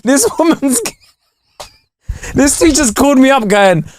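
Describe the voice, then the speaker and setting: A man's voice: very high-pitched, animated, a little slow, background noise. A young man co-hosting a podcast, chatting casually, telling loose stories and laughing often. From England. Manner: laughs often, loose storytelling with quoted voices. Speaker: podcast co-host. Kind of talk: casual chat.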